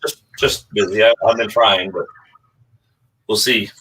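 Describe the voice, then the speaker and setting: A man in casual chat who reads book passages aloud slowly and low, from Canada. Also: steady tone, bright, forceful tone, husky, low-quality recording. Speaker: guest whisky reviewer.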